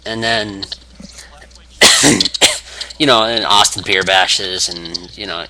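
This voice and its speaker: A man's voice: low-pitched, steady tone, takes it slowly, pushed and bright, a little hiss or hum. A man rambling casually through a story, full of fillers and restarts. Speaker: wrestling fan.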